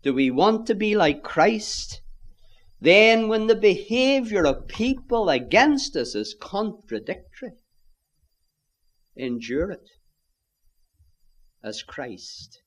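A man preaching a sermon, earnest, reading scripture in old-fashioned wording and dropping to a near hush for emphasis. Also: sits high, big pitch swings, a little slow.

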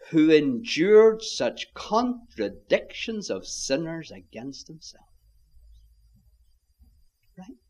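Male preacher, slightly high voice, slow deliberate sermon delivery, earnest with hushed emphasis. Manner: earnest, rises for emphasis and drops to a near hush; reads scripture in old-fashioned diction.

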